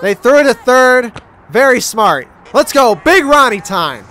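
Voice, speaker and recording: High, bright-voiced excitable male gamer. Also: measured pace. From Cleveland, Ohio, USA. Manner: excitable, cheers and swears at players. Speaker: gaming commentator. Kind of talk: excited play-by-play over gameplay.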